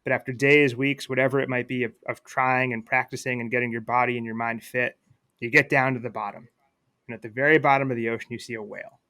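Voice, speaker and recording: Podcast guest: man with a bright voice, casual and reflective, telling a story. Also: medium pitch, steady tone, fast talker, no room sound. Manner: reflective, many fillers and restarts. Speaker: guest, attorney.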